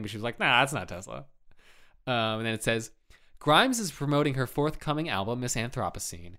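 A man's voice: mid-range voice, pushed and bright. Sarcastic rambling man chatting. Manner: sarcastic, rambling, swears freely. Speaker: podcast co-host. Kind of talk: casual chat.

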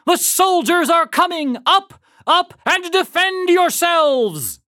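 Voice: mid-range voice, wildly swooping pitch, takes it slowly, a bit bright, no echo, studio quality, full character voice. A storybook reader voicing a determined colonial man planning a night ride, speaking in firm, urgent commands. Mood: shouting alarm. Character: Paul Revere, determined colonial man rider. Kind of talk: storybook reading.

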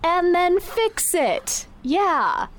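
A woman's voice: extremely high pitch, sing-song, extremely slow, slight background noise, heavily acted. A woman voicing a bold, reckless young woman in an audio drama, talking in a coaxing, confident way.

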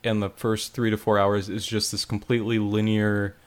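A man chatting casually about a video game, rambling with lots of "like" and animated retelling. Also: lowish voice, normal speed. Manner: rambling, frequent "like", animated storytelling. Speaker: podcast co-host reviewing a game. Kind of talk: casual chat.

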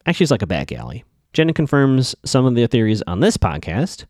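A man's voice: mid-range voice, sing-song, brisk, a little mellow, no echo, studio quality. A man hosting a podcast, giving a casual, opinionated recap of a TV episode with skeptical asides. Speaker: podcast host.

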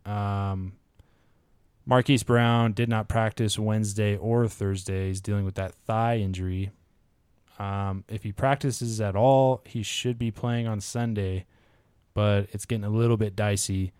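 A man co-hosting a fantasy football podcast, going over matchups and injury news in a steady, measured way. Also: lowish voice, clear, resonant tone, no echo, clean studio sound. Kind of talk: casual podcast chat.

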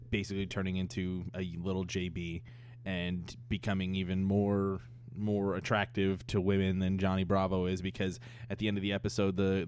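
Young adult male co-host, low-pitched voice, relaxed chatty delivery, easygoing review tone. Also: slight background noise. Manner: laid-back, frequent "um" and "yeah", laughs at jokes. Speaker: podcast co-host reviewing a cartoon. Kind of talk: casual chat.

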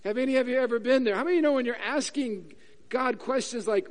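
A man's voice: very high voice, fast talker, long reverb tail. A man preaching a sermon to a church congregation, acting out questions in different voices. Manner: animated, acts out questions in voices. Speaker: pastor. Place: church sanctuary.

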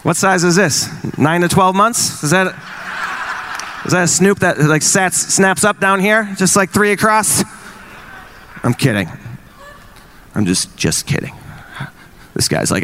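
A married man in his forties doing stand-up comedy, teasing the crowd and acting out quick exchanges in wry bits. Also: high voice, lively intonation, a bit bright, a little hiss or hum. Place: live venue with an audience.

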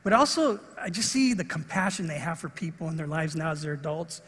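High husky-voiced preacher in echoing hall. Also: male voice, brisk. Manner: storytelling, animated, acts out voices. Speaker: pastor. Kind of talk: sermon with a personal story. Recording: long reverb of a large hall.

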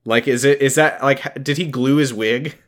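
A man's voice: medium pitch, fairly even intonation, normal speed. Laid-back man recapping a show. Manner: laughing often, swearing, acting out lines of dialogue. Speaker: podcast co-host. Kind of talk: casual chat recapping a show.

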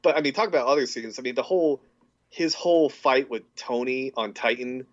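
A man's voice: mid-range voice, a little fast. Rambling man co-host, dull lo-fi sound. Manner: enthusiastic, rambling with many fillers. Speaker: podcast co-host. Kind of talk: casual chat.

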